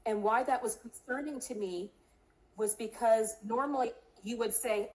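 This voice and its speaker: A woman's voice: a little high, normal speed, darkish tone, poor audio. A middle-aged woman, a candidate in an interview, telling a personal story with earnest feeling and acting out the voices of people she quotes. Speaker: congressional candidate.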